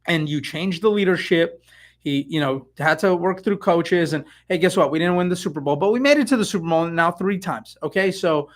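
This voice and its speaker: A middle-aged man from the San Francisco Bay Area, a real estate agent rambling excitedly in a casual live stream with lots of fillers and asides. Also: on the high side, fairly quick.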